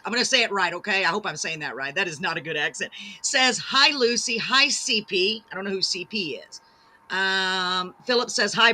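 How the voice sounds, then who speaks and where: A woman hosting a live-streamed talk show reads out viewer comments in a gushing, bubbly, self-deprecating way. Her voice is fairly high with a sharp tone.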